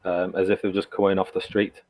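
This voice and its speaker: A man narrating as game master in a tabletop game, halting, with many restarts. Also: sits low, completely flat delivery, darkish tone, low-quality recording. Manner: halting, full of fillers and restarts.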